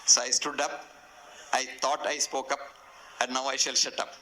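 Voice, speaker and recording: A man's voice: mid-range voice, little pitch movement, moderate pace, bright, forceful tone, slight background noise. A man with an Indian English accent giving a public lecture, a humorous, self-deprecating storyteller in a hotel function hall. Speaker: guest lecturer.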